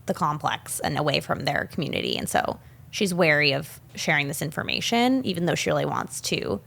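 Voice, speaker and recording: Woman podcast co-host, lively pitch, casual film chat, small room mic. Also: brisk, vocal fry. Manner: animated, recounting scenes with quoted lines. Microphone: studio microphone.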